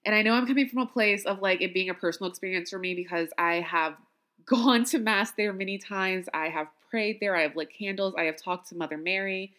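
A woman's voice: medium pitch, fairly quick, a bit bright. A woman hosting a podcast in casual chat, talking freely with self-deprecating asides and frequent laughs. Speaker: podcast host.

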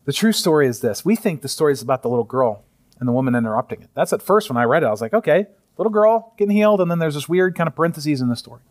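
A man in his thirties preaching a sermon in a conversational way, often chuckling and sometimes dropping to a soft near-whisper. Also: mid-range voice, animated, racing. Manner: chuckles often while speaking. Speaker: pastor.

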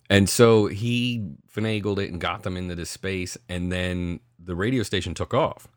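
A middle-aged man co-hosting a podcast, telling stories in a casual, profane, animated way. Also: deep voice, moderate pace, few pauses, smooth, no room sound, clean studio sound. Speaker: podcast co-host. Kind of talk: casual chat.

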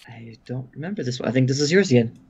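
A man's voice: mid-range voice, lively intonation, fast talker, vocal fry, a little mellow, breathy edge, highs cut off. A man co-hosting a casual chat, talking in wry, exasperated rants. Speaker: podcast co-host.

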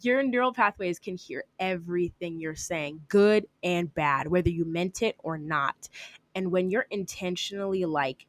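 A woman's voice: lowish voice, measured pace, no room sound. Chatty young woman, dry close mic. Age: young adult. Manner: chatty and upbeat, with frequent "like" fillers. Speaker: podcast host. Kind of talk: casual solo podcast talk.

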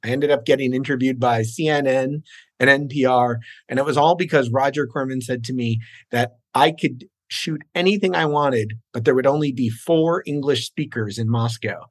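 Genial middle-aged screenwriter, dry sound. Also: male voice, mid-range voice, moderate pace, no echo. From New York, raised in New Jersey. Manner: genial, self-deprecating, with frequent uh fillers. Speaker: guest screenwriter. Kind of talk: casual interview.

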